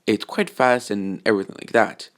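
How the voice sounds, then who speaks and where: A man's voice: on the low side, steady tone, normal speed. A man casually telling a fan-fiction story, rambling and correcting himself with lots of fillers.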